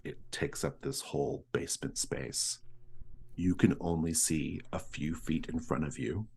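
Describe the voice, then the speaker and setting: Male game master with an extremely low voice, measured scene narration. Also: fairly even intonation, creaky, a little mellow, slightly rough. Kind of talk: narrating a tabletop horror game.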